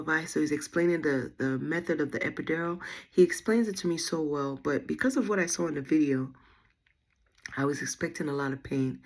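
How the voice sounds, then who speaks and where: A woman's voice: deep voice, slightly rough. A young woman, chatting to her viewers as she retells a story with lots of quoted dialogue. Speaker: vlogger.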